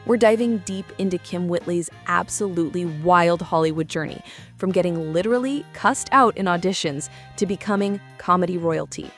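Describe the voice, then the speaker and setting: A woman's voice: on the low side, moderate pace, soft background music. A woman reading a scripted documentary narration in a dramatic, teasing way that builds suspense.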